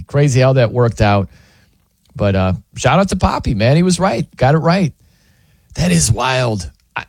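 A man's voice: high-pitched, no room sound, clean studio sound. A man hosting a sports radio show, telling a story in a casual, jokey way and acting out what people say. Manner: animated, jokey storytelling with acted-out quotes. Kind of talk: casual sports talk monologue.

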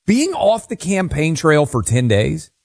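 A man's voice: fairly high pitch, sing-song, measured pace, vocal fry, darkish tone, breathy edge, no echo, studio quality. A man from Tennessee co-hosting a talk radio show, giving opinionated, wry takes in casual banter. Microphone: studio microphone.

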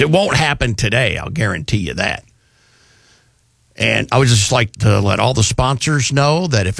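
A man's voice: medium pitch, vocal fry, fairly bright tone, no room sound. A male radio talk show host delivering an indignant, rambling, sarcastic opinion monologue on a studio microphone.

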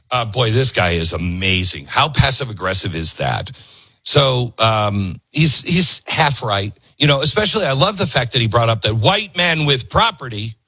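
A man's voice: medium pitch, bright, forceful tone, breathy edge, no echo. A man hosting a political commentary show, talking in a sarcastic, mocking way with lots of asides.

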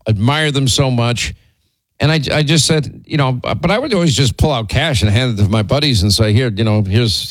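A man's voice: on the high side, no echo, low-quality recording. Teasing, rambling man on air. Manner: rambling, teasing, with many restarts and fillers. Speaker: radio show host. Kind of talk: casual on-air storytelling.

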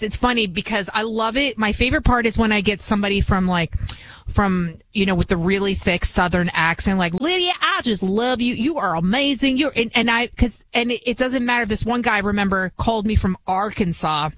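A woman's voice: mid-range voice, steady tone, fairly quick, a bit bright, low-quality recording. A woman with a thick Bronx accent holds forth on talk radio, chatty and emphatic, often restarting her sentences. Her voice sits in a middle register. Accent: Bronx, New York. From New York. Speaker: guest radio host.

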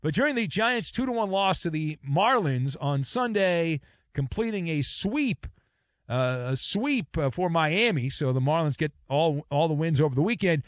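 A man's voice: a little high, animated, normal speed, no echo, studio quality. A man hosting a sports talk radio show, playful and theatrical, with joking asides and repetitions. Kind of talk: sports talk radio with live-read ads.

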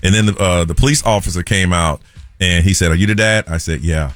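A man, a morning radio host telling a story in an animated way and acting out the people in it. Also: low voice, fairly quick, no echo. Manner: animated storyteller, acts out quoted voices.

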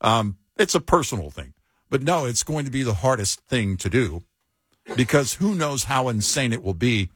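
A man's voice: medium pitch, big pitch swings, moderate pace, husky, dry recording. A middle-aged man who co-hosts an overnight radio show, chatting casually with wry, dry humor. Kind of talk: casual chat.

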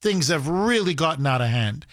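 Male radio host with a high-set voice; combative, emphatic monologue with lots of restarts, taken dry off a studio mic. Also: expressive, normal speed, a bit bright, dry recording. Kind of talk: opinionated talk radio monologue. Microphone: studio microphone.

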